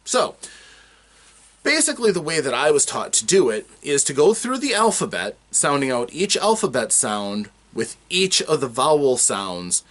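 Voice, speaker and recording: Lively Midwestern man teaching voice work. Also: medium pitch, normal speed. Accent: Midwestern American. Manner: animated, demonstrative explaining. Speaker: tabletop game tutor. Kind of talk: instructional talk to camera.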